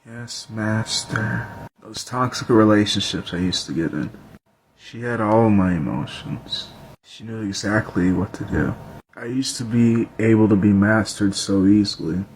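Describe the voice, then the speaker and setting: A man's voice: on the low side, moderate pace, a little hiss or hum. A man reciting bitter, reflective spoken word poetry.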